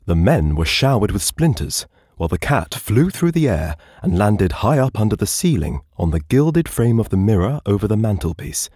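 A man narrating an audiobook in a measured, expressive storytelling manner. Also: lowish voice, husky, no room sound, studio quality. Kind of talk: audiobook reading.

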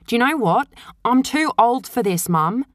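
A woman's voice: on the high side, lively intonation, moderate pace, no echo, clean studio sound, voice pushed up, close to an everyday voice. A woman telling her mother she is moving out. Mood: exasperated. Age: 30s. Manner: exasperated, affectionate. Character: grown daughter moving out of home.

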